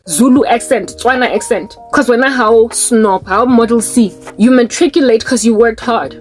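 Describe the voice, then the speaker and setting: A South African woman with a South African accent, sitting a little high in her range and delivering a fiery, scolding monologue. She sounds impassioned and keeps switching between English and local languages. Soft music plays faintly behind her. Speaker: online preacher and commentator.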